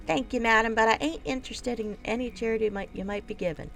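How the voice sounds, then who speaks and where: A woman's voice: fairly high pitch, fast talker, creaky, a bit bright, faint music behind, pitched above the performer's own voice, rough recording. A woman reading the part of a proud, homeless halfling beggar in a fantasy video game, speaking in a resentful, prickly way. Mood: bitter.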